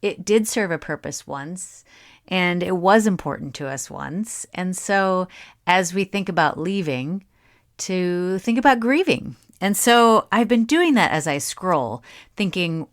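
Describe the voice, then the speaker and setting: Solo podcast host, woman in her thirties, lower voice, conversational and reflective. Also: expressive, measured pace. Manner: chatty, musing, with asides and laughs.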